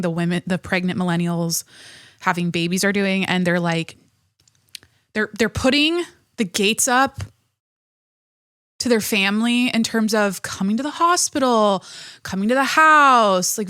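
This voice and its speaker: A woman's voice: medium pitch, fairly bright tone, clear, resonant tone, no room sound, clean studio sound. Rambling, profane pregnant woman host. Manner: rambling, profane, many restarts and fillers. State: pregnant and short of breath. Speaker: podcast host. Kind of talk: casual chat.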